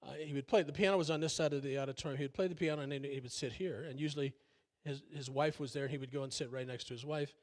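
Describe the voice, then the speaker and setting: A man's voice: medium pitch, steady tone, racing. An older man preaching a sermon as pastor, folksy and conversational, with many fillers and self-deprecating asides. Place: church sanctuary.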